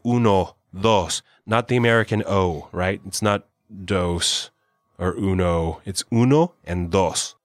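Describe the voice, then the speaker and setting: A man with a lowish voice teaching Spanish pronunciation in a relaxed lesson chat. He breaks words down and says them slowly for learners. The sound is close and dry, with no room around it. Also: dry recording. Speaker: Spanish teacher, podcast co-host. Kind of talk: conversational language lesson.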